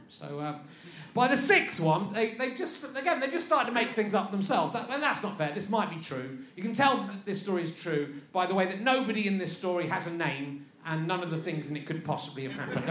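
A man's voice: high voice, expressive, a little fast, fairly bright tone. A man doing live stand-up, sarcastic and incredulous as he mocks an email, often repeating his words. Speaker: stand-up comedian. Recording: echoey live venue with audience.

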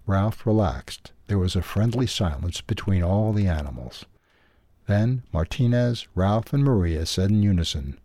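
A man reading a children's animal story aloud for a newsletter's audio edition, in a calm, even way. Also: sits low, a little slow, no room sound. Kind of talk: storybook narration.

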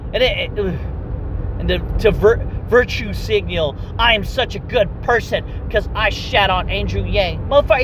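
Podcast host, male, high voice, foul-mouthed and worked up, casual rambling delivery. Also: noisy background. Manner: profane, heated and emphatic; calmer, rambling explanation. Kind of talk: casual solo podcast rant.

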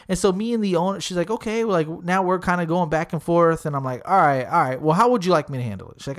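A man's voice: fairly high pitch, fast talker, hardly any pauses. A young man who hosts comedy shows, telling a story in casual chat, swearing a lot and acting out each person's lines. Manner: animated, acts out quoted dialogue with shifting voices; heavy swearing, slangy. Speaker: comedy show host.

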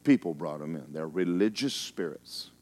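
A male pastor delivering a sermon, telling stories in a folksy, teasing way, with emphatic stretches and hushed asides. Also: deep voice, animated, moderate pace. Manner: emphatic, storytelling preacher who drops into hushed asides.

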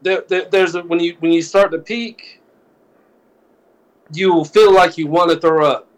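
A man with a slightly high voice and measured delivery co-hosts a podcast. His casual storytelling is full of laughs, stammers, and restarts, and he brings friends' words to life by acting them out.

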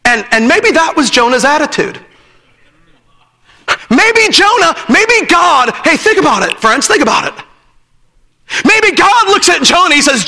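A man's voice: very high voice, big pitch swings, normal speed, pauses often, sharp tone, long reverb tail. A man preaching a sermon in an emphatic way, repeating his phrases and breaking into laughter as he goes.

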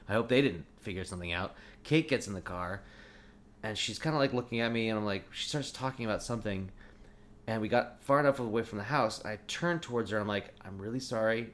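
A man's voice: lowish voice, fast talker, a bit bright. A middle-aged man telling a long personal story in casual talk, full of "like" and restarts. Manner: rambling, lots of "like". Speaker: guest. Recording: faint background noise.

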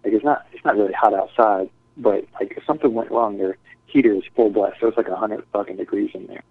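Low-voiced man telling a profane story. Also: quick pace. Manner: profane, rambling, acts out quotes. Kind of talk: casual storytelling. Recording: tinny phone-like dry sound.

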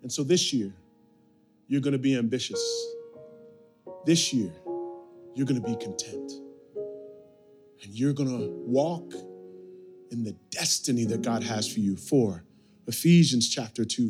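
A pastor preaching a sermon, repeating phrases and calling the congregation to respond. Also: male voice, medium pitch, lively intonation, measured pace, pauses often, a little mellow, soft background music. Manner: repetitive, building preaching with call-and-response. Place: church sanctuary.

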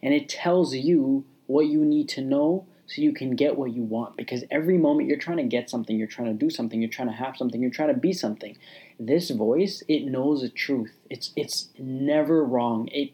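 A man's voice: medium pitch, normal speed, muffled recording. A man delivers a motivational podcast monologue straight to the listener. His talk is casual and repetitive, and he often restarts his sentences and leans on fillers. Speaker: podcast host.

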